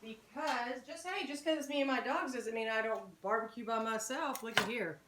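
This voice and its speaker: In an echoey home kitchen, a chatty woman gives a casual cooking demonstration for her channel, speaking straight to viewers as "guys" and "y'all." Her voice is a little high and a bit bright, at a moderate pace.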